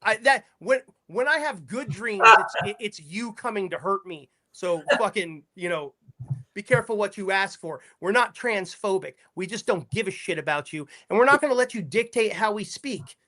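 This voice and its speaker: A man's voice: high-pitched, expressive, moderate pace, sharp tone. Man on a heated, swearing rant. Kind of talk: livestream chat, profane rant.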